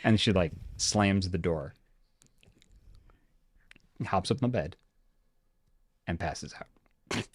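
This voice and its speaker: A man's voice: low-pitched, takes it slowly, long pauses, husky, dry recording. A man running a tabletop role-playing game as storyteller, telling the scene in a loose, rambling way full of fillers. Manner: loose, filler-heavy storytelling with sudden shouted character bits.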